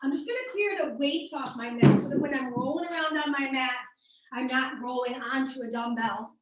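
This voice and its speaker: A young woman with a Midwestern accent teaches a workout class, her high voice bright and encouraging as she counts down and calls out names. She sounds far from the mic in a very echoey room. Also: moderate pace, very noisy. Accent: American Midwestern. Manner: upbeat, cueing and encouraging class members by name. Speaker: fitness instructor. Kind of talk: live workout class instruction.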